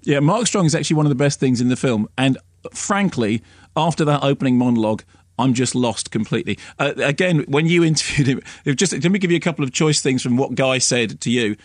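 A man reviewing films on a radio show, opinionated and lively, sometimes mimicking voices. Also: medium pitch, fast talker, no echo, clean studio sound. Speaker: film critic. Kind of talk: radio film review chat.

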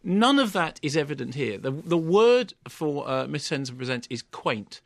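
A male film critic with a fairly high, gravelly voice, talking in an arch, wry and theatrical way. The sound is close and dry from a studio microphone, with no room echo. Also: big pitch swings, moderate pace. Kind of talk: radio film review chat.

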